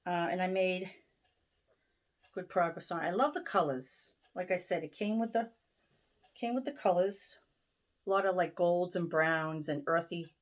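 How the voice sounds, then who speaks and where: Woman, Boston accent, slightly low voice, casual rambling chat, home sewing room. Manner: chatty, many ums and restarts. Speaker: stitching vlogger. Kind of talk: casual show-and-tell chat.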